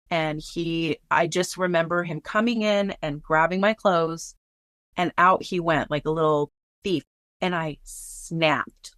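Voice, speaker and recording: A woman's voice: fairly low pitch, a bit bright, no echo, studio quality. A woman recounting a personal story in casual, blunt speech, swearing freely and filling with "like".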